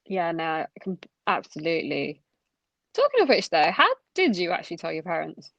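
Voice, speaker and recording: A woman's voice: low voice, brisk, vocal fry, fairly bright tone, dry recording. A woman in her twenties co-hosting a podcast, chatting casually and reflectively, with plenty of "like" fillers. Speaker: podcast co-host. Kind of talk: casual chat. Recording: dull, lo-fi, dry sound.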